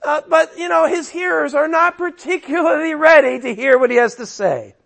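A man's voice: extremely high pitch, normal speed, creaky, a bit bright. A man preaching an expository sermon, emphatic and emotional, with conversational asides to his listeners. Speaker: pastor.

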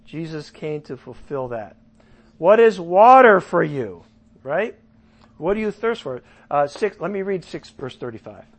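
A man's voice: on the high side, measured pace. A man preaching a casual sermon, asking his listeners questions and joking as he teaches. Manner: animated, asks the audience questions, jokes. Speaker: pastor. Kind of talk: sermon Bible study.

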